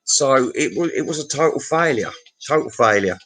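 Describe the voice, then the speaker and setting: A man's voice: medium pitch, lively intonation, moderate pace, fairly bright tone, low-quality recording. A man telling a crude, meandering pub anecdote and chuckling at his own tale. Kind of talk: rambling pub anecdote monologue.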